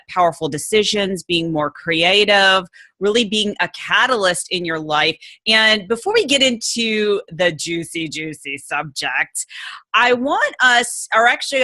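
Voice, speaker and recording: Bright, enthusiastic woman podcast host. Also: mid-range voice. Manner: enthusiastic, animated. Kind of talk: upbeat podcast hosting.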